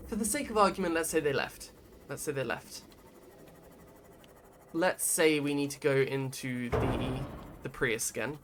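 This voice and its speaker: Over game music and a noisy background, a man with a fairly high voice streams a game, chatting and rambling casually and reading his chat messages out loud.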